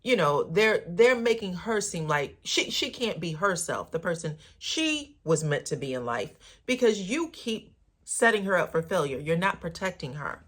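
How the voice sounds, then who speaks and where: A woman's voice: fairly low pitch, big pitch swings, normal speed, fairly bright tone. A woman casually recapping a reality show episode for her viewers, sassy and chatty, calling them honey and girl.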